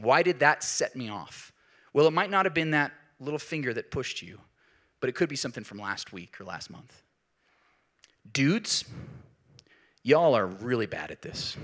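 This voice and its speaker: A man preaching a sermon in an animated way, rising to emphatic peaks. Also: mid-range voice. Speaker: pastor.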